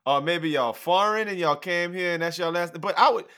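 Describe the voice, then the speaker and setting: Bright-voiced man, joking around. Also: sits high, normal speed, smooth. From Shreveport, Louisiana. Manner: laid-back, joking, trails off and restarts. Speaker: podcast co-host. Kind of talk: casual chat.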